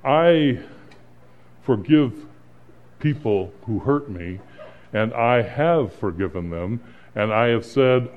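A middle-aged man preaching as a pastor in an earnest, conversational way, pausing and restarting, then rising to emphatic points. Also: medium pitch, darkish tone. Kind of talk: sermon. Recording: slightly dull, lo-fi sound.

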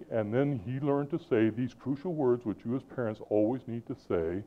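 Here a middle-aged preacher delivers a lively sermon at a moderate pace in a mid-range voice, alternating loud emphatic lines with quiet asides. The audio has a tinny, phone-like quality.

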